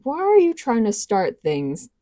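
A woman's voice: fairly high pitch, huge pitch swings, unhurried, warm tone, no room sound, studio quality, pitched above the performer's own voice. A woman voicing a mocking, predatory male wolf-soldier leader. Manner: sneering, mocking.

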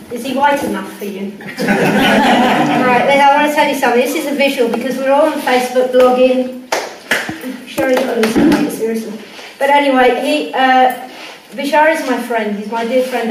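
A woman with a fairly high voice tells a personal story to a gathering, animated and emotional, with laughter between her lines. She sounds far from the microphone, in a very echoey indoor room, with faint noise underneath. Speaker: guest speaker. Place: indoor room with a group of people.

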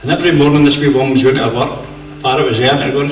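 A man's voice: mid-range voice, steady tone, rapid-fire, faint music behind. An older Scottish man doing stand-up comedy, a chatty, self-mocking storyteller on a theatre stage. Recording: echoey theatre from far off.

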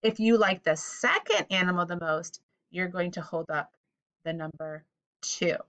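Slow, patient woman teaching vocabulary. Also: fairly low pitch, a bit bright. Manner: patient, repeats each word for the listener to echo. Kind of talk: vocabulary lesson for children.

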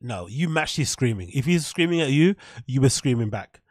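A man riffs over a podcast clip in casual stream commentary, sarcastic and quick to laugh. His voice sits mid-pitch and sounds close and dry, with no room around it. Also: expressive, slightly rough, no room sound. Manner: sarcastic, mocking, laughing often.

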